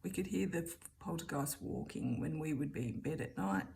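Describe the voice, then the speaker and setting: A woman's voice: low-pitched, expressive, moderate pace, creaky, a little mellow, slight background noise. A middle-aged woman with an Australian accent telling a rambling story in a chatty, casual way. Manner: chatty, rambling, keeps returning with "anyway". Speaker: vlogger.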